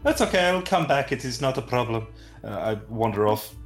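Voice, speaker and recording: A man's voice: medium pitch, brisk, faint music behind. A man playing his character in a tabletop game, speaking in a playful, joking way. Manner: playful, deadpan jokes. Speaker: player.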